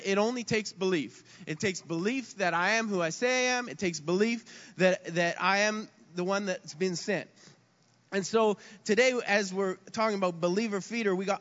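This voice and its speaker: A man's voice: high-pitched, a bit bright. A man preaching a sermon as a pastor, earnest and often repeating words mid-sentence. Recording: dull sound with long hall reverb.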